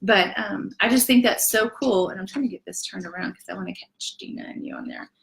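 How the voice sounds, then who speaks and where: A woman's voice: medium pitch, a little fast, gravelly, poor audio. A woman hosting a casual interview, chatty and affirming. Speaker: host.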